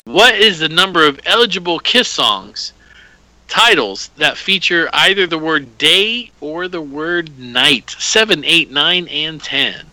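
A man's voice: on the high side, lively intonation, slow, bright, forceful tone, dry recording, soft background music, rough recording. A man hosting a podcast trivia quiz in casual chat, joking and laughing as he reads out questions and answers.

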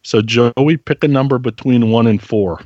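A man's voice: mid-range voice, moderate pace, darkish tone, no room sound. A man co-hosting a podcast, explaining a game in a laid-back, casual way. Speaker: podcast co-host running the game. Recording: dull, dry lo-fi sound.

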